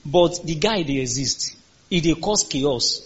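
A man's voice: fairly high pitch, expressive, a little slow, slightly rough, muffled recording. A man preaching a sermon as pastor, emphatic and calling for responses from the congregation.

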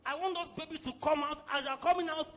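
A man with a Nigerian accent preaching a sermon as pastor, fiery and exclamatory, breaking into sudden shouts. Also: extremely high pitch, steady tone, fast talker, dull audio, soft background music.

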